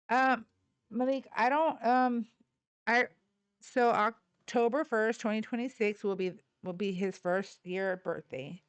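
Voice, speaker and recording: Chatty woman with a smooth voice. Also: fairly high pitch, steady tone, takes it slowly, no echo. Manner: chatty and rambling, laughs often, swears casually; coos baby talk at her dogs. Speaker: livestream host. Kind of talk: casual chat.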